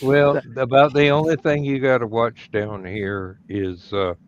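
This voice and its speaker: A man delivers dry, deadpan jokes at a very unhurried pace. His voice comes through dull and lo-fi, like a muffled line. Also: medium pitch, a little hiss or hum. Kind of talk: casual group chat. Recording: dull lo-fi audio.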